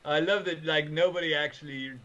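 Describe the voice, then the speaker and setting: A man chatting on a podcast over a video call, talkative and quick to laugh. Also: on the high side, steady tone, sharp tone. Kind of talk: casual chat. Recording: slightly dull call audio with faint noise.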